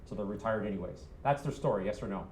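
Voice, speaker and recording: A man's voice: fairly low pitch, fast, a little mellow, reverberant, a little hiss or hum. A man coaching a room of real estate agents, punchy and quizzing them with "yes or no?".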